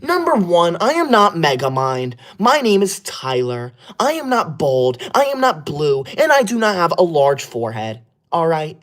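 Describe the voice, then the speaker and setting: An actor playing a bossy, easily offended young male livestreamer who scolds his viewers while keeping his voice hushed, streaming from an upstairs room away from home. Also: a little high, big pitch swings, moderate pace. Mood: indignant. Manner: indignant, scolding, keeps voice hushed. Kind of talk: comedy skit of a live stream.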